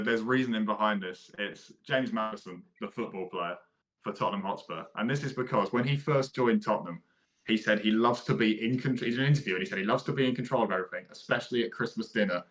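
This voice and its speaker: Young man, lowish voice, relaxed podcast banter, easygoing. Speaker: podcast co-host. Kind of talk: casual chat.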